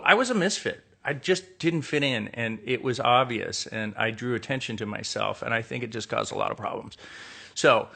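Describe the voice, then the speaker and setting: A man's voice: mid-range voice, bright, forceful tone. Candid middle-aged man telling stories. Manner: rambling, candid, with frequent fillers and restarts. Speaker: actor doing a live stream. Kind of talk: casual storytelling monologue.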